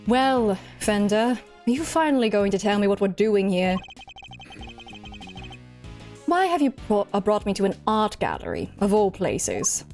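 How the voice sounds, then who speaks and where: A woman's voice: medium pitch, big pitch swings, soft background music. A woman voicing Miles Edgeworth, stern prosecutor. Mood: aloof. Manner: formal, measured, hushed narration. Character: stern, aloof young male prosecutor. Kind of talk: live voice-over of a video game.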